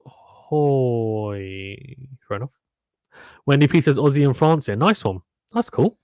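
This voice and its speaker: On a live stream, a man casually calls a tennis match and reads viewer comments aloud between points. His voice is an ordinary middle pitch, recorded close and dry with no room sound or echo.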